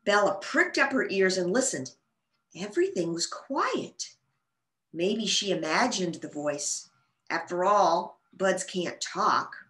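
Woman storytime reader, expressive and sing-song, bright tone. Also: mid-range voice, slow pace. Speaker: children's librarian. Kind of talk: storytime read-aloud. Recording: roomy echo.

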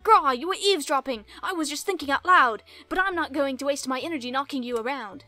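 A woman voicing a hot-headed, loud male villain grunt. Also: high voice, fast, no room sound, soft background music. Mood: blustering.

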